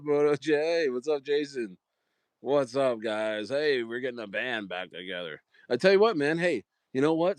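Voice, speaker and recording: A man's voice: mid-range voice, no room sound. A man hosting a casual livestream, chatting in a rambling way with lots of fillers and restarts. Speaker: livestream host.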